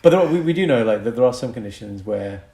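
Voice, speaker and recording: A man's voice: medium pitch, animated, fast talker, warm tone. A man co-hosting a casual podcast, explaining medical conditions and chuckling between points.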